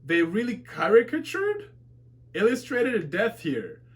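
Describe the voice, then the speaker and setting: A man's voice: sits high, unhurried. A man streaming a live webtoon reaction, reading viewer comments aloud and reacting with laughs, curses and outbursts. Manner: excitable, swears and shouts at plot twists, laughs often.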